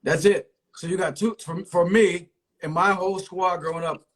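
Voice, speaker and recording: A man's voice: sits high, steady tone, normal speed, poor audio. A man from the East Coast of the US, talking frankly and emphatically with lots of slang in a casual conversation. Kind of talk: casual chat.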